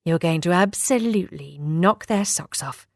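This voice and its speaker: A woman's voice: lowish voice, animated, normal speed, darkish tone, dry recording, clean studio sound. A woman reading as a cheerful shopkeeper. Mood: upbeat. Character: cheerful British boutique owner woman, upbeat.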